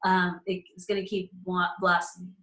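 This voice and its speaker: With a fairly low pitch and a somewhat bright tone, this woman speaks at a moderate pace in a completely flat delivery. Yet she hosts a live astrology community call enthusiastically, laughing often and naming members in a casual teaching chat recorded with roomy echo.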